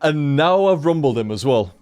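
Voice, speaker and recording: A man's voice: fairly high pitch, expressive, normal speed, a little mellow. A man chatting casually on a game stream, rambling and swearing, tripping over his words.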